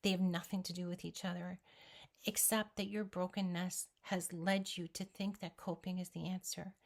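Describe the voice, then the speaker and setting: A woman's voice: on the low side, flat delivery, normal speed, gravelly. A woman vlogger giving an earnest, emphatic motivational talk straight to the viewer. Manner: speaks directly to the viewer. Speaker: weight-loss vlogger.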